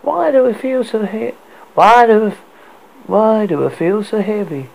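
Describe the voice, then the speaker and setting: Man reading as young mermaid girl: high, whiny, bewildered. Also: sing-song, slow pace, creaky, full character voice, poor audio.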